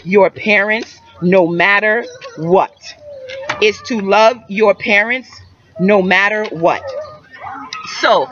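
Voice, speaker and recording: A woman giving emphatic, repetitive spiritual advice to young viewers in a preacherly way. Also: mid-range voice. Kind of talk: metaphysical advice talk. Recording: dull lo-fi recording.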